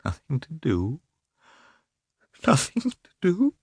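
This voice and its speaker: A man's voice: wildly swooping pitch, measured pace, fairly bright tone, breathy edge, no echo, clean studio sound, full character voice. A man voicing a distraught, earnest woman who pleads on behalf of her friend, for an audiobook. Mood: tearful. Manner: pleading, rising into high cries. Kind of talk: audiobook character voice.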